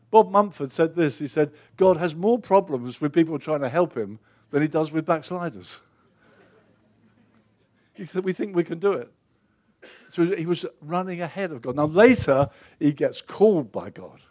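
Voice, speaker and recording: A male preacher with a somewhat high voice tells Bible stories in a lively way. He slips into the figures' voices and then drops soft and quiet to press his points home. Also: moderate pace. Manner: storytelling, acts out biblical figures in lively quoted voices. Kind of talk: sermon.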